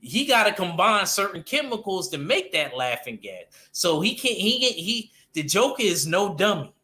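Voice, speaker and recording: A man's voice: high voice, sing-song, moderate pace, bright, forceful tone. A man chatting casually and animatedly about comics, using loose slang and restarting his sentences often. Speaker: panel guest discussing comics. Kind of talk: casual chat.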